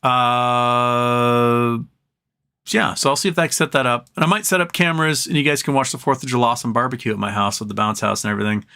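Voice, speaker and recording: A man's voice: mid-range voice, fairly even intonation, brisk, creaky, pushed and bright, clear, resonant tone. A man hosting a live stream from home, chatting casually, answering viewer comments and trailing off into rambles.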